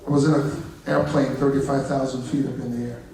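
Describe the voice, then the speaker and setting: A man preaching a revival sermon, telling stories in folksy asides and building from low narration to shouted climaxes, with the congregation answering back. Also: flat delivery, a little fast, gravelly. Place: church sanctuary. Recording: echoey church hall from far off, congregation. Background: congregation responding.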